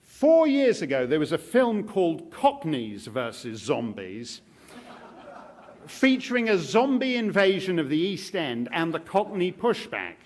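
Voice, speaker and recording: A man's voice: a little high, big pitch swings, a little slow, slight background noise. A man giving a public lecture at a live event, speaking with wry, sardonic humor.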